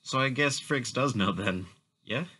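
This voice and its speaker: A man playing a tabletop role-playing game, talking casually with halting restarts. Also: medium pitch, pushed and bright, slightly rough, rough recording. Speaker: player.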